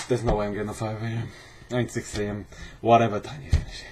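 A young man with an excitable manner and dry, self-mocking humor, commenting live on a horror game and yelping in alarm when he is caught. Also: quick pace. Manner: excitable, jumps to high-pitched shouts when scared. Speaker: gaming channel host. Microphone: facecam headset or desk mic. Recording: game music heard behind the voice.

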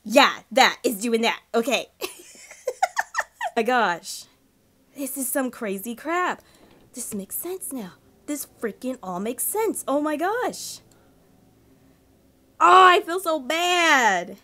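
A woman playing a horror game and chatting excitedly to herself and the characters, dropping into hushed whispers when tense. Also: on the high side, slow pace. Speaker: gaming channel host.

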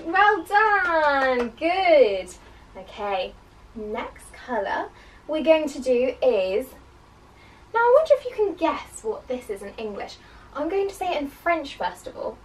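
A woman teaching a children's lesson in a high, singsong voice that swoops up and down. She speaks slowly and encourages the children playfully. The recording is made a little way from the mic. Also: distant mic, poor audio.

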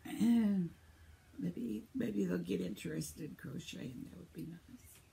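Gravelly-voiced woman in her seventies. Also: lowish voice, unhurried, background noise. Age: 70s. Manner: chatty, laughs often, reads comments aloud. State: losing her voice. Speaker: vlogger reading viewer comments. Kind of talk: casual chat.

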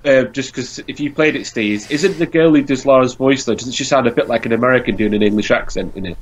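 A man with a mid-pitched voice chats on a gaming podcast. He jokes in a laid-back way and swears casually. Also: fast, a little hiss or hum. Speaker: podcast co-host. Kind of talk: casual chat.

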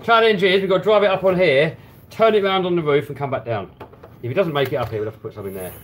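A man's voice: fairly high pitch, very fast, a little hiss or hum. An English man co-hosting a live stream in casual chat, playful and teasing.

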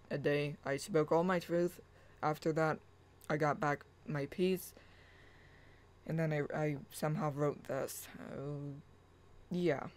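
A spiritual channel host speaks in an unhurried, earnest way, at a middling pitch. Their talk drifts between a casual rant and chant-like affirmations read aloud from their own writing. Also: darkish tone, poor audio.

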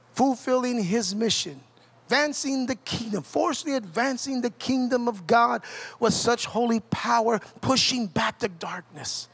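High, bright-voiced preaching man. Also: vocal fry, slightly rough. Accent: Southern Californian. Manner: impassioned preaching, builds to shouts then drops low. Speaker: pastor. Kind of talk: sermon.

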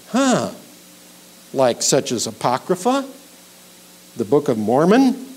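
A middle-aged male pastor preaching an expository sermon, emphatic, building to loud peaks on key points. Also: on the high side, poor audio. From Minnesota.

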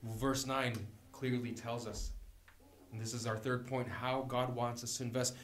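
Guest preacher, male, mid pitch, conversational and joking, echoey church room. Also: little pitch movement, normal speed. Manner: conversational and joking, laughs often. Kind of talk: sermon. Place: church sanctuary.

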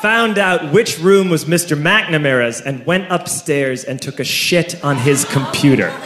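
Animated male stand-up comic, roomy venue. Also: on the high side, unhurried. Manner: animated, shouting punchlines over audience laughter. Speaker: stand-up comedian. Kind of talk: stand-up storytelling. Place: live comedy venue with an audience. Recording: roomy live recording with crowd laughter and noise.

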